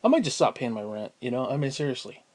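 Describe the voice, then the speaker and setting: A man's voice: medium pitch, big pitch swings, quick pace, darkish tone. A man venting at home in a casual vlog, profane and sighing as he rants. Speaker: vlogger.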